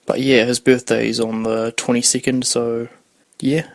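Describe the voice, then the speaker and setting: Young guy rambling on his podcast, swears a lot, mid-pitched voice, dry close mic. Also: level tone, moderate pace, dry recording. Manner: rambling, swears freely, loses his thread. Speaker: podcast host. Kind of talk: casual rambling chat.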